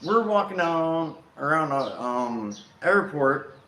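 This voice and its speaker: A man casually telling a personal travel story, rambling and animated with frequent self-corrections. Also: on the high side, slow pace. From United States. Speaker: vlog host. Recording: roomy echo with faint outdoor ambience and birds.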